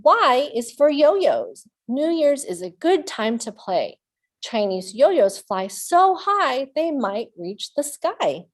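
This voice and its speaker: A woman leads a children's storytime from a webcam, reading each line slowly and clearly. Her voice sits a bit high and swings widely in pitch, playful and coaxing as she makes animal sounds with the children. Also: sing-song. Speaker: children's librarian.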